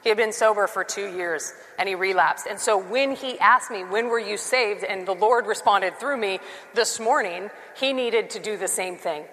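A woman giving a sermon, telling personal stories in an animated way and acting out the dialogue with quick laughs. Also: medium pitch, long reverb tail. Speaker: Christian speaker.

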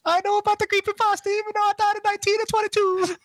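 A man voicing a goofy dead old grandfather in a strained, squeaky falsetto. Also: flat delivery, very fast, a bit bright, dry recording, studio quality.

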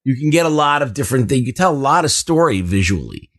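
A man co-hosting a casual podcast chat, blunt and quick to swear. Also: medium pitch, sing-song. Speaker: podcast co-host.

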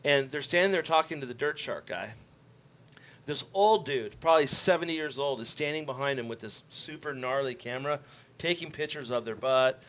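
A man's voice: mid-range voice, moderate pace. A man co-hosting a casual radio show, telling stories in slangy talk and acting out what others said. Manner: animated storyteller, acts out quoted people; slangy, says "dude" often. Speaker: co-host.

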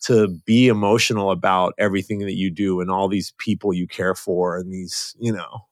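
A man's voice: low-pitched, flat delivery, no echo. Man hosting a podcast, dry sound. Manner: warm, halting, many fillers. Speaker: podcast host. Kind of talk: casual interview chat.

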